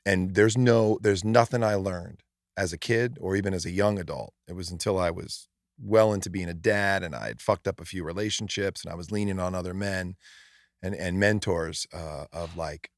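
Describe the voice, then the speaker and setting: Deep-voiced, frank male podcast host. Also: normal speed, dry recording, studio quality. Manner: reflective, frank, swears casually. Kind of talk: casual chat.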